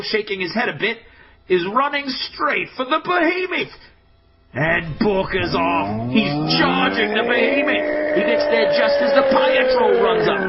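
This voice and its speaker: Male host, high voice, breathless play-by-play commentator, loud music under a muffled lo-fi track. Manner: excitable, exclamatory, swings between hushed and shouting. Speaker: podcast host. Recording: dull lo-fi audio with loud music.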